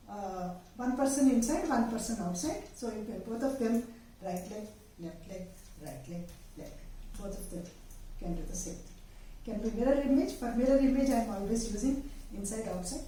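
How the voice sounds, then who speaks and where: A woman teaching dance steps, explaining patiently with pauses and fillers as she demonstrates. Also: fairly high pitch, warm tone. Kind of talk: step-by-step dance instruction. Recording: very echoey room, voice far from the mic, faint noise.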